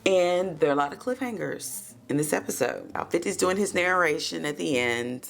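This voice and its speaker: A woman with a low, gravelly voice recaps a TV episode in a chatty, gossipy way. Her pitch swoops up and down as she talks, and she keeps calling the listeners baby and child. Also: animated, normal speed.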